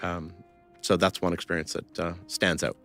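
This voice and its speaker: A man with a very low voice tells a personal story in casual conversation. He talks haltingly, full of ums and restarts, and keeps circling back to finish his thoughts. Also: level tone, fairly bright tone, faint music behind. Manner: halting, many fillers and restarts. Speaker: interview guest.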